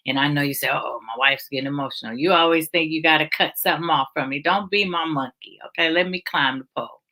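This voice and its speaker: A woman's voice: deep voice, fast, bright, forceful tone. A woman hosting a casual online talk about faith, emotional and encouraging, speaking over a video call. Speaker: host. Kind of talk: casual chat.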